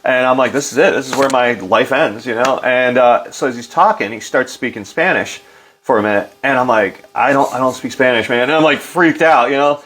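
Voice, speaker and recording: A middle-aged man with an animated storytelling manner, loose and full of fillers, acting out quotes in a livelier voice. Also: medium pitch, fairly quick. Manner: loose, filler-heavy delivery. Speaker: interview guest. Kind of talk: casual storytelling.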